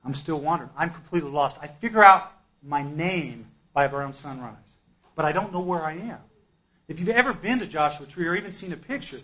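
Man, recovery meeting speaker, emphatic storytelling, fairly high voice, dull lo-fi sound. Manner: emphatic storyteller, swinging between loud and hushed. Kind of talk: personal testimony.

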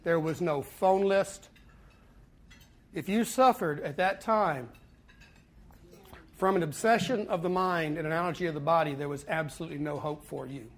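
Earnest man telling his recovery story. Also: a little high. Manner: earnest storytelling with pauses and repeats. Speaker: speaker at a twelve-step fellowship meeting. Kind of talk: personal recovery talk to a meeting.

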